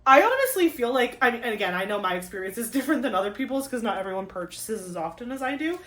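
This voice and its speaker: A young woman chatting casually while unboxing craft kits, gushing and excitable, with lots of fillers and gasps. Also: fairly high pitch, fast talker. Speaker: crafting vlogger. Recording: echoey room, mic at a distance.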